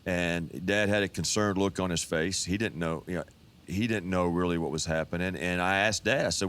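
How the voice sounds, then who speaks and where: A pastor in his fifties telling his life testimony in a relaxed, folksy storytelling manner. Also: sits low, normal speed. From Texas. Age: 50s.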